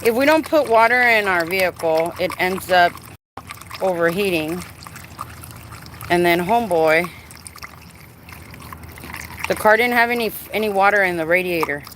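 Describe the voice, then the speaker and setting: A woman with a fairly low voice speaks unhurriedly, leaving long pauses. She's a vlogger in a casual live-stream chat, talking playfully with her viewers while she works on her car outside, where clear background noise comes through.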